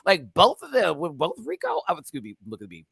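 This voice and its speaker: A man co-hosting a live TV review, talking casually and theatrically, jumping from low murmurs to shrieked punchlines. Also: huge pitch swings, fairly quick, creaky, a bit bright, slightly rough, dry recording, clean studio sound. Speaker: co-host of a live review show.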